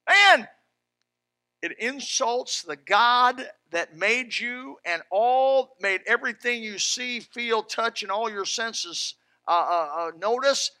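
A man preaching a sermon in a folksy, fervent way, dropping to a hush and then rising loud. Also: extremely high pitch, slow, no echo. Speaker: pastor.

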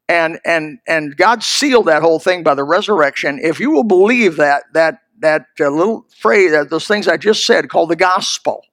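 Guy preaching a sermon, folksy and punchy, higher voice, dry sound. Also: fairly bright tone, dry recording.

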